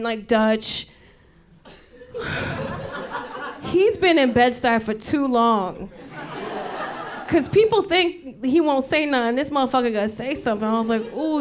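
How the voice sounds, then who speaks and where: A woman comedian hosting a live show, telling a profane, animated story and acting out the people in it. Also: sits high. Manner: animated, profane, acts out quoted voices. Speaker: comedian host. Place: stage before a live audience. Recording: loud crowd laughter. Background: audience laughter.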